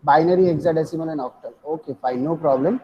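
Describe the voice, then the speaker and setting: A man co-teaching an online class, speaking hesitantly with many "uh" pauses in a husky voice. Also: fairly high pitch, highs cut off, a little hiss or hum. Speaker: co-instructor.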